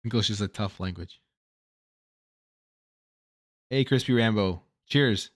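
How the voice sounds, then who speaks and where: A man's voice: fairly low pitch, slow, no echo, clean studio sound. A Canadian man with a Canadian accent hosting a casual livestream, rambling and thinking aloud as he chats with viewers, tired after a long workday. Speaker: gaming channel host.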